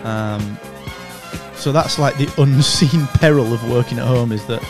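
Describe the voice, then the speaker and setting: A man's voice: medium pitch, a little slow, over music. Laid-back Yorkshire man co-hosting. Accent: Yorkshire English. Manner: laid-back, rambling, matey. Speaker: podcast co-host. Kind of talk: casual podcast chat.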